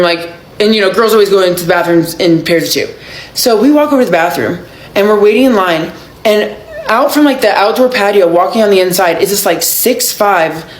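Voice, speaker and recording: A woman with a hoarse voice telling a casual, profane storytime, acting out what people said. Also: mid-range voice, roomy sound, rough recording. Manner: profane, animated, acts out quotes. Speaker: storyteller vlogger.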